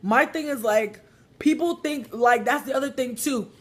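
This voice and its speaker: Guy w a high breathy voice, swearing a lot and rambling on a phone stream, like like like. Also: moderate pace. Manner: profane, rambling, heavy use of "like". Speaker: vlogger. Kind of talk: casual livestream rant. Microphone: phone livestream.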